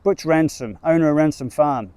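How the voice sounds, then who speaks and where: A man's voice: fairly high pitch, moderate pace, dark tone, smooth, no echo, close to an everyday voice. A man voicing a jovial middle-aged male sheep farmer with a New Zealand accent and a cheeky, blustering salesman manner. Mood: hearty.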